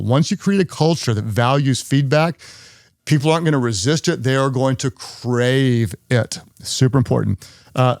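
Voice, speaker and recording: A man's voice: medium pitch, no room sound, studio quality. A man who is a pastor, hosting a leadership podcast in an earnest way and repeating key phrases for emphasis.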